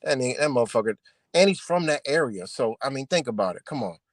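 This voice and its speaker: A man's voice: mid-range voice, expressive, fast talker, no room sound. Profane, heated man ranting live. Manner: profane, confrontational, repetitive. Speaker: livestream host. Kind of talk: heated livestream rant.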